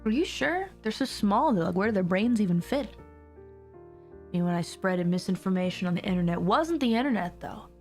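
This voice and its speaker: A woman's voice: mid-range voice, animated, brisk, few pauses, faint music behind. A young woman streamer with a mild sore throat, chatting casually and rambling with frequent laughs. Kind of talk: casual livestream chat.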